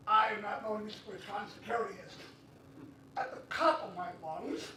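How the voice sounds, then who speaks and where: High-voiced man telling a rambling story. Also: moderate pace. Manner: rambling anecdotes, loud shouted punchlines. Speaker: open mic comedian. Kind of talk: stand-up storytelling. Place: convention panel room. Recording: echoey room, mic from far off.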